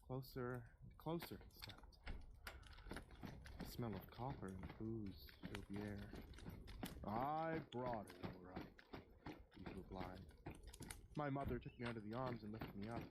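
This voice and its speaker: A storyteller narrating a spooky first-person Christmas story in a slow, measured, hushed way. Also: medium pitch, very noisy. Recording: loud keyboard typing behind.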